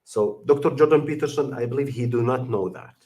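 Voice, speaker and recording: A man's voice: medium pitch, a little fast, dark tone. Emphatic English-speaking man. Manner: non-native English with many fillers and restarts, emphatic. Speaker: channel host reacting to a video. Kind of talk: casual livestream commentary.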